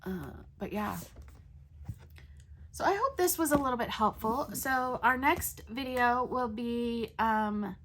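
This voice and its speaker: A woman's voice: fairly high pitch, animated, slow pace, fairly bright tone, slight background noise. A woman hosting a coloring channel, chatting casually with many fillers and restarts. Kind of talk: casual chat.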